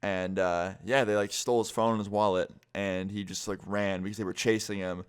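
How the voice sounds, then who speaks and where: A man's voice: fairly low pitch, level tone, brisk, clear, resonant tone. Young man telling a story, lots of swearing. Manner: casual, heavy swearing, lots of "like". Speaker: vlogger. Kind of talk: storytime vlog.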